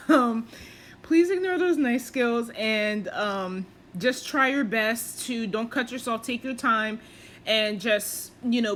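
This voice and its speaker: A woman narrates her home cooking clip in an easy, rambling way, poking fun at her own skills. Her voice sits a little high. A faint hiss of noise hangs under her words. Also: a bit bright. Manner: chatty, self-deprecating, lots of fillers. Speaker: cooking vlogger. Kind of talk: casual voice-over cooking tutorial.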